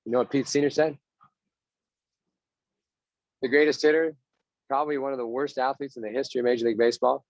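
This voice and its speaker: A man's voice: mid-range voice, fairly even intonation, a little fast, long pauses, no echo, rough recording. Punchy man coaching a baseball team. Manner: punchy, repetitive, has players chant mantras. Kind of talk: motivational team talk.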